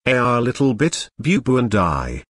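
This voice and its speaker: A man's voice: medium pitch, sing-song, a little slow, a bit bright, no room sound, clean studio sound. A text-to-speech man's voice reading the lines of a proud, shrewd elderly French countess in an audiobook.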